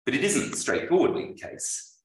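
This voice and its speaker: A man, an author, reading a prepared lecture aloud at a book launch, with measured, dryly witty delivery. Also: a little high, big pitch swings. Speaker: author presenting his book. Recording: roomy, voice from far off.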